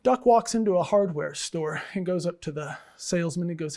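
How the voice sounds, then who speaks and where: A middle-aged man with a somewhat high-pitched voice tells jokes in a casual, unbothered manner. He sounds like a professor chatting, dry and relaxed, with frequent fillers. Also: normal speed, gravelly. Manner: dry, easygoing, unbothered, with frequent ums and uhs. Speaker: English professor and department chair. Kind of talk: telling jokes to camera. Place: college setting.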